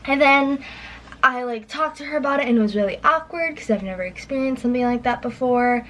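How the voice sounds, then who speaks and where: A woman telling a personal story in casual chat, rambling with lots of fillers and acting out her past lines in a higher voice. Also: brisk, fairly bright tone, rough recording. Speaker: guest storyteller.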